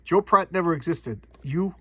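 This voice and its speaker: A man voicing Frankenstein's monster, a huge, ancient male creature who speaks gravely and formally. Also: fairly high pitch, expressive, normal speed, slight background noise, pitched above the performer's own voice, lightly acted. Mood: solemn.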